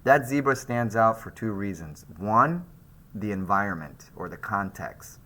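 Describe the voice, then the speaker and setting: Male art teacher, recorded lecture, animated pitch, casual delivery with restarts. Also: a little slow. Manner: lively, conversational, with frequent restarts and fillers. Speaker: art instructor.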